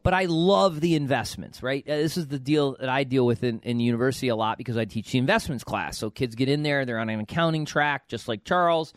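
A man hosting a podcast, giving emphatic, animated career advice to a student. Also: mid-range voice, fast, few pauses, no room sound, studio quality. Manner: animated, emphatic, repeats words. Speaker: podcast host, financial advisor. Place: US, Kentucky.

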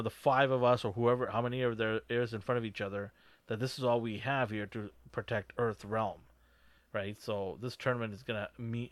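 A man's voice: medium pitch, dry recording. Chatty man rambling through a film review. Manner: rambling, filler-heavy, animated reactions. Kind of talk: casual movie review chat.

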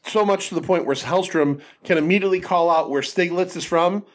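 A man's voice: high-pitched, fairly quick. A man hosting a casual film podcast, recapping scenes with lots of fillers and restarts. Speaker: podcast host.

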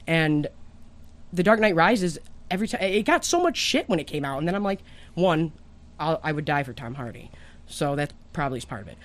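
A woman from the Detroit area, a podcast guest telling stories in casual chat, animated and quick to swear. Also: low-pitched. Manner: fast, animated storyteller, swears freely.

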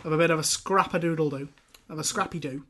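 A man's voice: on the high side, fairly even intonation, fast, a bit bright. Man recapping a film plot jokily. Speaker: film podcast host. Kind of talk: casual film review chat.

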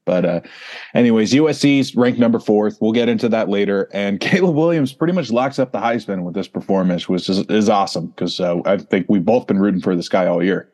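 A man hosting a sports podcast, upbeat and quick to laugh in casual chat. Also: fairly low pitch, darkish tone. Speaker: podcast host.

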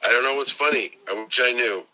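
A man's voice: mid-range voice, fast, raised voice, heavy background noise. A man calling in to a casual podcast chat as a guest, easygoing and supportive with dry jokes.

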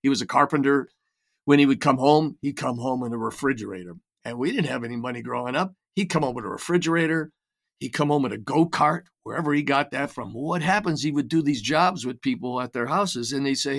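A man's voice: medium pitch, brisk, vocal fry, a bit bright. An older man as an interview guest, telling reflective stories in a casual way with frequent restarts and repeated words. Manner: reflective storytelling with many restarts. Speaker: guest, writer and creator.

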